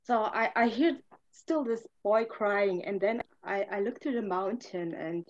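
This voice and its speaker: A woman sharing a personal testimony, earnest and halting, pausing often on fillers and restarting her sentences. Her English phrasing is non-native and her voice sits at an average pitch. The recording has a slightly dull, lo-fi sound. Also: slight background noise. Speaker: podcast guest.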